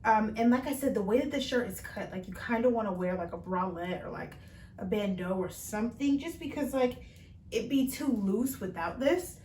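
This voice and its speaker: A woman's voice: mid-range voice, expressive, moderate pace, a little mellow, slight background noise. A young woman chatting casually in a fashion try-on haul, bubbly and full of fillers, speaking from across the room. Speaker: fashion vlogger. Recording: roomy sound from far off.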